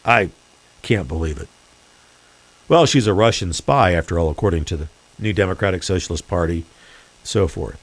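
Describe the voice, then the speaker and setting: A man's voice: deep voice, lively intonation, normal speed, pauses often. A man hosting his own podcast, delivering a sarcastic, mocking political commentary monologue. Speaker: podcast host.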